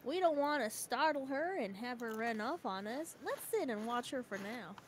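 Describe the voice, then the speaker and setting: A woman voicing a calm adult male investigator in a game, with an attempted Southern American accent and an earnest drawl. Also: fairly high pitch, moderate pace, slight background noise, lightly acted. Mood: cautious. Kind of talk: voicing a game character on a stream.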